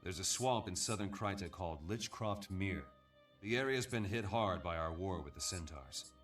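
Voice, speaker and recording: A grave, loyal military captain from a video game. His very low voice sits back from the mic, delivering briefings in a serious, measured way. Music plays faintly underneath. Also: expressive, a bit bright. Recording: distant game audio with background music.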